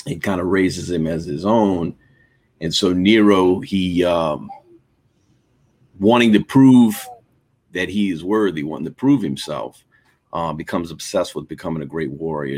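A man talking as a guest on a podcast, animated and laughing, often repeating words as he restarts. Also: low voice, slightly rough. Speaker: guest, comic creator. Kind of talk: casual podcast chat.

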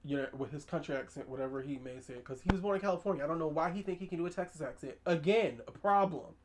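Animated woman recapping a movie. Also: deep voice, quick pace, a little hiss or hum. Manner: animated, emphatic storytelling with slang and asides. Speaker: podcast host. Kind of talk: casual movie recap chat.

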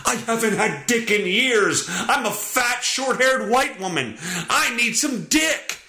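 A man putting on the mocking voice of a crude, man-hungry woman in an exaggerated falsetto. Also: lively intonation, slow pace, pushed and bright, exaggerated voice. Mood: leering. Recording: roomy echo.

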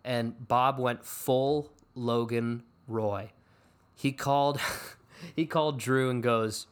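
A man's voice: medium pitch, fairly even intonation, slow, clear, resonant tone. A man chats loosely on a podcast, rambling between topics. He pokes fun at himself and throws in jokes. The tone stays casual and offhand. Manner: rambling, self-deprecating, joking. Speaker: podcast host. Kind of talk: casual fantasy sports podcast chat.

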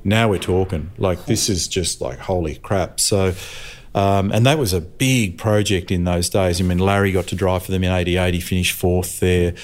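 A man's voice: low-pitched, steady tone, normal speed. An older Australian man, a motorsport commentator, telling racing anecdotes in a chatty, laughing way and acting out voices. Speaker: motorsport commentator, interview guest. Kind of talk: anecdotal storytelling.

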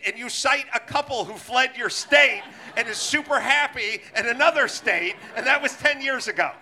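A man with a high, piercing, very bright voice hosts a live comedy podcast. He rants hard, swears freely and jumps between mock quotes and outrage. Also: measured pace. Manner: profane, ranting, animated. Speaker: podcast host.

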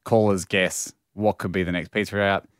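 A man's voice: low-pitched, steady tone, normal speed, clean tone, dry recording, studio quality. A man co-hosting a casual podcast, wryly reading out a listener's message. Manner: reads listener messages aloud, wry. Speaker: co-host.

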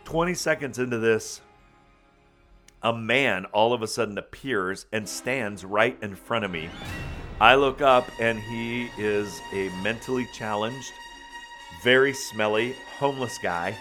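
A man telling a funny personal story in a folksy, animated way, calling people man and buddy, with faint music behind him. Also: mid-range voice. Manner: animated, bursts into loud excited retelling.

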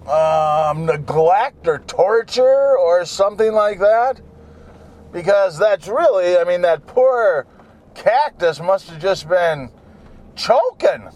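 A man rambling from the driver's seat, jumping from one joke to the next. His voice sits high and bends up and down a lot, while his pace stays slow and unhurried. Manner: jokey, digressive, with many fillers. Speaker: solo talker. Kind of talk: rambling casual monologue. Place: inside a car while driving.

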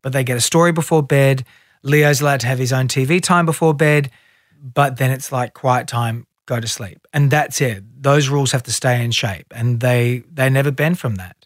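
A man's voice: mid-range voice, normal speed, dry recording, studio quality. A middle-aged man, a guest in a casual interview, telling stories and acting out what others said. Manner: animated storyteller, acts out quotes.

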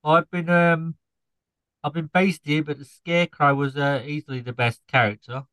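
A man's voice: on the high side, level tone, moderate pace, pushed and bright, smooth, dry recording, poor audio. A man putting on a dim, punning scarecrow. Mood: cheeky. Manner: punning, rambling, loses his put-on accent. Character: dim male scarecrow from a farm, cheeky.

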